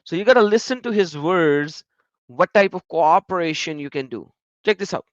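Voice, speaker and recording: A man's voice: fairly high pitch, expressive, moderate pace, no room sound. Emphatic man in dull dry recording. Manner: emphatic, repeats words for stress. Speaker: commentator. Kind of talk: reaction commentary on video clips.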